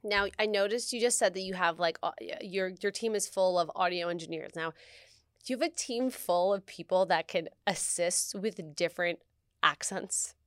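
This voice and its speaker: A woman's voice: lowish voice, normal speed, no echo, clean studio sound. A woman hosting a casual chat, self-deprecating and chatty, saying "like" often.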